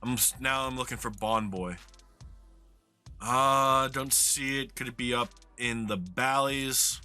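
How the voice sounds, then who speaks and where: A man's voice: medium pitch, takes it slowly, sharp tone, smooth, faint music behind. A man from New York with a New York accent, chatting casually and swearing now and then while commenting on a geography game he plays. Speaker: streamer playing a geography game.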